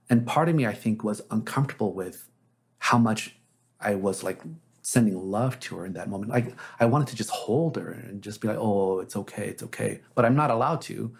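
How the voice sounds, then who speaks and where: A man's voice: mid-range voice, vocal fry, slightly rough. A man, a therapist, telling anecdotes as an interview guest in a casual, reflective way with frequent fillers.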